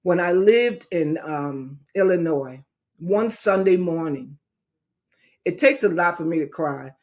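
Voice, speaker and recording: A woman's voice: on the low side, expressive, slow pace, a little mellow. A middle-aged woman evangelist in a casual livestream talk, speaking in an emphatic, repetitive, preacher-like way.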